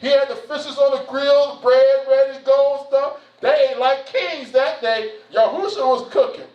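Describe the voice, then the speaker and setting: A man's voice: very high-pitched, fairly even intonation, normal speed. A man speaking as a church elder in an informal, folksy address, repeating himself and saying "you know" and "man" often. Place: church hall. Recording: roomy, distant, dull sound.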